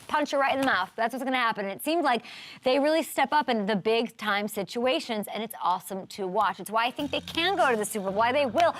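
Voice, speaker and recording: A woman hosting a sports talk show, animated and joking, riffing fast on the weekend's games. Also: sits high. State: out of breath. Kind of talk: energetic sports talk monologue.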